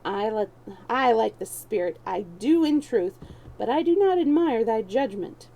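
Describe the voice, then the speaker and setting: A woman's voice: on the high side, animated, measured pace, vocal fry, dark tone, poor audio. A woman voicing a crafty young male street thief who mocks and schemes in archaic speech. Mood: scheming.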